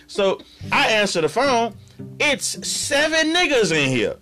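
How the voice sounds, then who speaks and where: Man, podcast co-host, casual storytelling, lively swooping pitch, profane, faint music behind. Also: a little slow. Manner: animated, profane, acts out quoted friends with big pitch jumps. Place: podcast studio.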